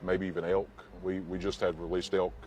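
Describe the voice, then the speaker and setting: A man's voice: low voice, level tone, fairly quick, darkish tone, faint music behind. A middle-aged man recounting his experience in an interview, plain-spoken and hesitant. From Kentucky. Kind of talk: interview storytelling.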